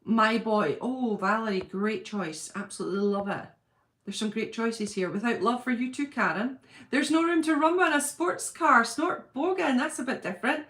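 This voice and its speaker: A woman's voice: fairly high pitch, moderate pace, fairly bright tone. A woman chats casually on a livestream from her home. She reads viewer comments aloud and gushes over them. Her talk is loose and thinking-aloud, full of ums and restarts. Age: adult with a husband and school-age children. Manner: chatty, gushing, thinks aloud with many fillers. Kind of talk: casual live-chat.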